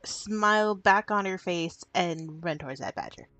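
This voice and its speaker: A woman narrating as game master of a tabletop game, quick and animated. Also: lowish voice.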